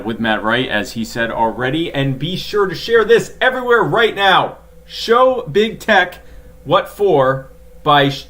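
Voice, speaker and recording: A man co-hosting a casual podcast, talking fast, tripping over his own sentences and laughing at them. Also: medium pitch, a bit bright. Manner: rapid, self-correcting, laughs at own flubs. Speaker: podcast co-host.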